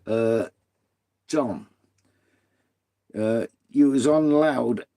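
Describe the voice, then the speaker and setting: On a casual live stream, a middle-aged man speaks very slowly in a warm, mid-range voice. He trades banter with viewers, reading their comments aloud and swearing freely.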